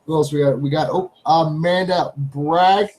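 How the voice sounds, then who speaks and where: A man's voice: on the high side, steady tone, a little slow, darkish tone, poor audio. A Canadian man hosting a casual live stream from his home studio. He chats loosely, repeats his phrases, and calls out to his pets.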